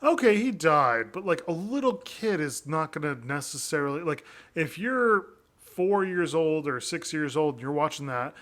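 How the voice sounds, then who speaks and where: A man with a fairly high voice co-hosts a loose podcast chat. He is animated and swears freely. He acts out characters as he talks. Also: normal speed. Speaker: podcast co-host.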